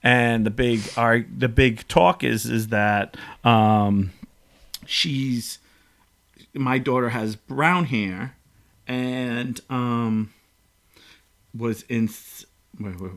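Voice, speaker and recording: A man's voice: mid-range voice, very slow, long pauses, a bit bright. A man hosting a podcast, telling stories in an emotional, rambling casual chat. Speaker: podcast host.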